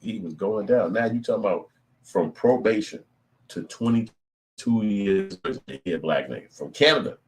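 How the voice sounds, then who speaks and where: Brief: middle-aged man, very low voice, profane and animated commentary. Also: fairly quick. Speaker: channel host. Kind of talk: casual commentary.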